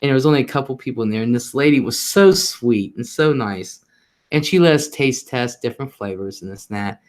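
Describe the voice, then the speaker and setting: A man's voice: medium pitch, expressive, fairly quick. A man from the northern US telling stories in casual chat, laughing between lines. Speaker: host of a live talk stream.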